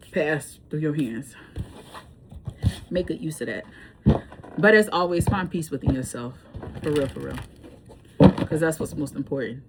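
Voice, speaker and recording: A woman's voice: fairly low pitch, background noise. Chatty, laughing woman tarot reader. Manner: chatty storyteller, laughs and swears freely. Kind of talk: casual chat to camera. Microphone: camera.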